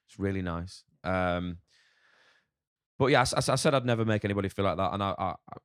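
Deep-voiced northern English man, swearing freely. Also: fast talker, fairly bright tone, smooth, no echo, studio quality. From north of England. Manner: swears a lot, frank and rambling. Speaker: chef guest. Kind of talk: casual podcast interview.

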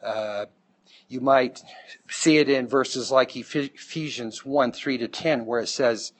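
In a classroom lecture, a man teaches a Bible class, explaining things step by step and checking in with his students along the way. His voice sits at medium pitch and he speaks slowly.

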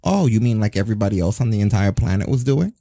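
A man talks through wrestling news in a casual podcast chat, mocking and swearing as he goes. His voice is dark and husky. The sound is dry and close, with no room around it. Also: on the low side, fast talker, no room sound. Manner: sarcastic, swearing, animated. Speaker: podcast host.

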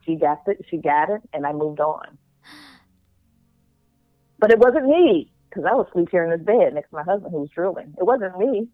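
A woman's voice: lowish voice, animated, normal speed, dry recording. A middle-aged woman guest in a casual interview, telling a vivid personal story and acting out what others thought. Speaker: guest, spiritual practitioner. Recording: tinny phone-like line.

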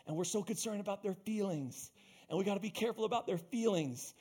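High-voiced male pastor preaching emphatically. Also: fast talker, darkish tone, husky. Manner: emphatic, repeats phrases and calls out to the congregation. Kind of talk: sermon.

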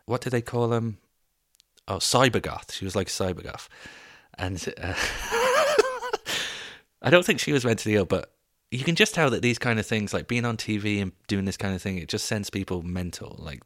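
A young man hosting a podcast, telling stories in a casual, animated, comedic way, swearing and laughing as he goes. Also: low voice, no room sound, clean studio sound. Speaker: podcast host.

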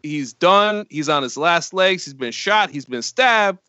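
A man co-hosting a casual movie podcast, talking haltingly and repeating words as he thinks. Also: fairly high pitch, animated, bright, forceful tone, dry recording, lo-fi sound. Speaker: podcast co-host.

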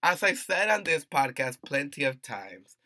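A man with a very bright, slightly high voice rants on a podcast. He swears heavily and hammers each point home with heat. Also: big pitch swings, unhurried, dry recording. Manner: profane, heated and emphatic. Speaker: podcast co-host. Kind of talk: casual podcast rant.

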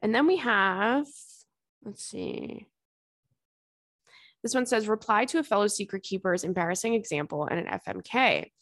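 Young female podcast host, chatty and animated, dry close sound, mid-pitched. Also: moderate pace, pauses often, dry recording. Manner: animated, acts out quotes with big jumps in pitch. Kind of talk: casual chatty storytelling and reading listener letters.

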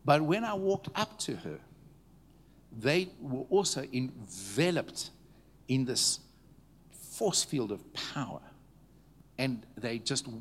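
A man preaching to a congregation, telling stories in a conversational way, checking in with the listeners and dropping to a hushed tone at tender moments. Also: mid-range voice, slight background noise. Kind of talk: storytelling sermon. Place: church meeting before a live audience.

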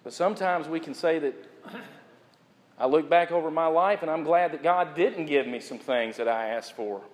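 High-voiced man preaching in a reverberant hall. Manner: preaches with rising emphasis and slow repeated phrases. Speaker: pastor. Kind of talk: sermon.

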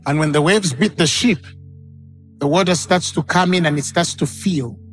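A man's voice: fairly high pitch, normal speed, fairly bright tone, soft background music. A man preaching a sermon as pastor, acting out the people in his stories. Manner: dramatic, acts out quoted voices.

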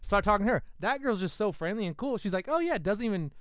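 Man, podcast co-host, loose rambling anecdotes, smooth tone, dry close mic. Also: high-pitched, lively intonation, fast talker, a bit bright, dry recording. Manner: rambling storyteller with many fillers and restarts. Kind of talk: casual podcast chat.

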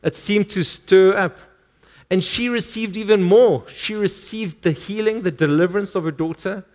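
A man's voice: sits high, moderate pace, a little mellow. A male pastor preaching a sermon, reading scripture aloud and stressing words emphatically.

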